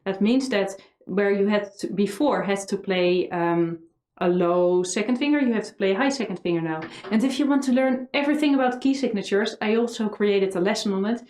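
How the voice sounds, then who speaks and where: Speaking a little fast in a mid-range, slightly mellow voice, a Dutch woman teaches violin energetically and sings melody lines on syllables. The recording has an echoey room and faint violin.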